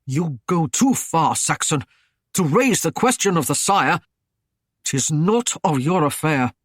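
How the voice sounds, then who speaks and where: A man's voice: a little high, lively intonation, slow pace, breathy edge, dry recording, studio quality, heavily acted. A man voicing a stern, proud Norman lord who speaks in a curt, growling, commanding way.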